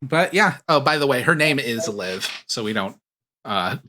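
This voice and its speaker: A man's voice: medium pitch, lively intonation, normal speed, pushed and bright, slight background noise. A man acting as game master on a live stream, setting scenes and joking with his players. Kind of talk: narrating a tabletop role-playing game.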